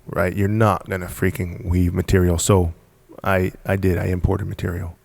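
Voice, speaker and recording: Podcast guest, male, gravelly low register, punchy repetitive storyteller, dry close sound. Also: little pitch movement, normal speed, darkish tone, no echo. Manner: emphatic, repetitive, punchy storytelling with frequent laughs. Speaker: podcast guest, business founder. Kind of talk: casual storytelling in conversation.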